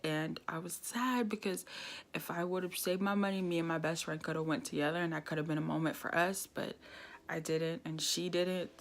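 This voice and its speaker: Gravelly-voiced young woman telling a story. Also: deep voice. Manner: animated storytelling, laughs often, acts out quoted dialogue. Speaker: vlogger. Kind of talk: casual storytime vlog.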